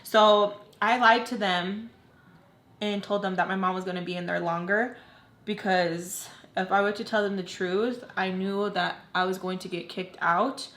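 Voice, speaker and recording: A woman's voice: medium pitch, steady tone, unhurried, fairly bright tone. A young adult woman vlogger telling a personal story in a candid, emotional way, with lots of "like". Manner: candid, heavy use of "like". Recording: roomy echo.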